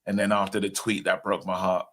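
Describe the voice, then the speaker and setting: A man's voice: low-pitched, brisk. A man co-hosting a football podcast, telling stories in casual chat and laughing often. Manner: laughs often, excitable storytelling. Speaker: podcast co-host.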